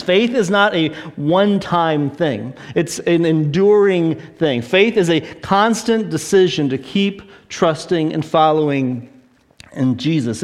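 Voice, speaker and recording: Animated male preacher, slightly high voice. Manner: animated storytelling, acting out voices in the story. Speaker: pastor. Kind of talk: sermon.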